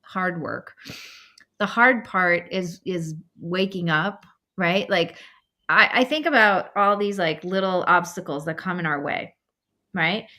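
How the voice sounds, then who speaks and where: Woman, podcast host, bright tense tone, lively storytelling, conversational. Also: on the low side, measured pace. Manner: animated, acts out quoted voices in stories.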